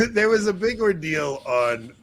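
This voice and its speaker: Animated male podcast host, lively pitch. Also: slow. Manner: animated, laughs at himself, trails off and restarts. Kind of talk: casual chat.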